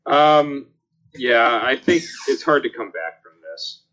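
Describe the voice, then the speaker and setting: A man talking as a panelist in casual sports talk, halting, with many ums. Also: medium pitch, expressive, bright, forceful tone. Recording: dull lo-fi call audio.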